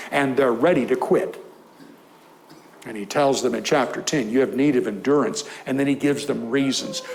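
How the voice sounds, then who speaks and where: A man's voice: medium pitch, creaky, a little hiss or hum, rough recording. A man preaching a conversational sermon in church, rising to emphatic scripture reading.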